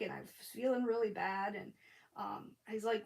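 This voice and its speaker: A woman's voice: on the high side, moderate pace, gravelly. A middle-aged woman hosting a crafting livestream, chatting and rambling through a story with casual swearing.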